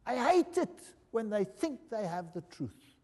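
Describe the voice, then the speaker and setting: A man's voice: high voice, big pitch swings, measured pace, a little mellow, exaggerated voice. A man preacher voicing a stubborn, bitter dying old man in a plain retelling, in a reverberant hall. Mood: resentful. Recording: long reverb of a large hall.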